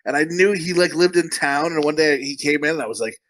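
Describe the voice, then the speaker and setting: A man's voice: a little high, fast, fairly bright tone, no room sound, poor audio. A man co-hosting a podcast, telling rambling, profane stories in casual chat and laughing often. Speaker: podcast co-host.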